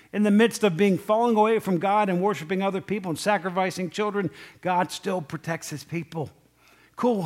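A man teaching a Bible story in a casual, conversational way, often asking his listeners questions. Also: sits high.

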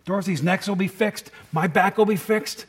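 A man's voice: sits high, normal speed, slightly rough. A middle-aged man preaching a sermon in a conversational way, often asking the congregation questions. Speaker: pastor.

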